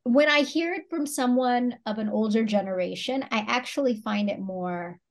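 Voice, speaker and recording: A woman's voice: a little high, moderate pace. A woman co-hosting a podcast in casual chat, speaking reflectively and candidly. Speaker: podcast co-host.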